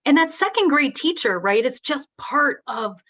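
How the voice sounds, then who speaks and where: A woman's voice: sits high, big pitch swings, measured pace, sharp tone. Earnest woman giving a webinar keynote. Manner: earnest, conversational, tag questions. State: teary-eyed. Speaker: keynote speaker.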